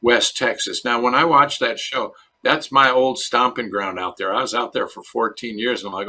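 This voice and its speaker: A middle-aged man from Chicago, a dentist answering interview questions in a relaxed, storytelling way. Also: mid-range voice, moderate pace, hardly any pauses. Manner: relaxed storyteller, acts out quoted voices. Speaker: dentist guest.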